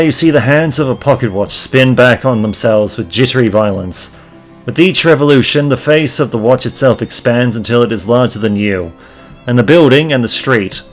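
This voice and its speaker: A man hosting a let's play, reading out the game's text in an even, middle voice. He drags out the narration and muses to himself between choices. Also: medium pitch. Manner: slow, drawn-out narration of game text. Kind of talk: reading game text aloud.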